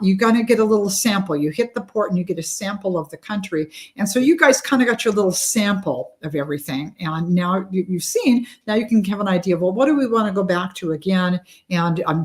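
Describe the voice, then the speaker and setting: A middle-aged woman hosting a casual chat, chatty and quick to laugh. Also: medium pitch. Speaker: host.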